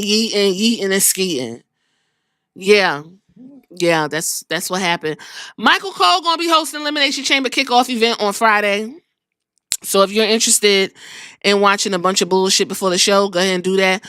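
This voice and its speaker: A woman's voice: medium pitch, bright, forceful tone, dry recording, clean studio sound. A young woman hosting a podcast, recapping wrestling in a sassy, profane, casual way. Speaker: podcast host.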